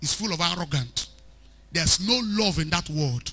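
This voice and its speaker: A man preaching an animated sermon as a pastor, rising to shouts at times. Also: on the high side, normal speed, breathy edge. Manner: animated preaching, shouting at peaks, mixing in Pidgin.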